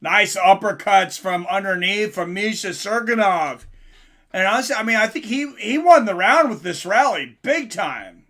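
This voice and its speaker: A man doing casual live commentary on a fight for his stream chat, getting louder and more excited at big moments. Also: high voice, normal speed.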